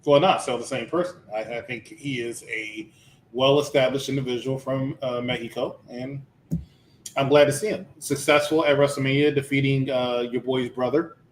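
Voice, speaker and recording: A man's voice: fairly even intonation, moderate pace, a little hiss or hum. A man hosting a casual wrestling chat show, with dry, understated quips. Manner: dry, low-key quips and understated delivery. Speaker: podcast host.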